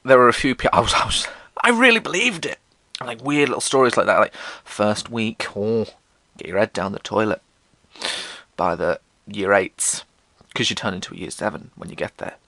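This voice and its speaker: A young man telling comic school stories in a casual monologue, swearing and mocking himself, slipping into squeaky voices for the people he quotes. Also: moderate pace, bright, forceful tone, dry recording. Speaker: podcast host.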